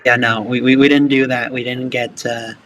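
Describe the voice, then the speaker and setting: A man's voice: mid-range voice, flat delivery, moderate pace, crowd noise, rough recording. A man chatting as a podcast guest, working through his points with hedges and "right?". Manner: reasoning aloud, hedging. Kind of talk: casual chat.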